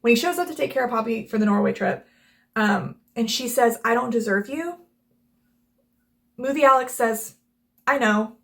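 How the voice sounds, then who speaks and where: A woman's voice: a little high, normal speed, creaky. A young woman hosting a casual book and movie review, gushing and rambling with lots of filler words and acting out the characters' lines. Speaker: book reviewer and channel host. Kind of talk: casual chat.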